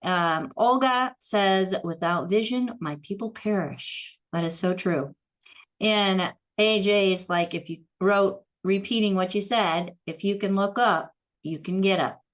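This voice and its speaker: A woman's voice: mid-range voice, a little slow. A woman hosting an online show, upbeat, reading out viewer comments. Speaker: host.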